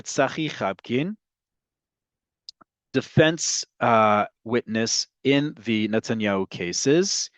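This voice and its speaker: A man's voice: mid-range voice, dry recording. A man teaching an online lesson on Hebrew grammar, explaining step by step and often checking in with "right?".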